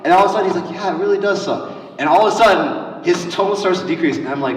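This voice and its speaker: A man's voice: sits high, fast. A man leading a church lesson for kids, telling stories energetically and acting out the quotes. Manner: energetic, storytelling with acted-out quotes. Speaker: youth pastor. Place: large church hall. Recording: roomy hall heard from a distance.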